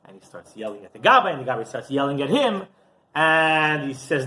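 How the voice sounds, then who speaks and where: Bright, lively-voiced rabbi telling a story. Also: male voice, a little high, a little fast. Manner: animated, casual, frequent restarts and asides. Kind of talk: storytelling sermon.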